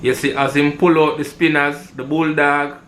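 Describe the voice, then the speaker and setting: Jamaican guy ranting hot about a robbery clip, voice sits kinda high, faint hum behind. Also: level tone, moderate pace, a bit bright. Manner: heated, ranting, repeats for emphasis. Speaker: commentator reacting to robbery footage. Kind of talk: angry commentary in patois.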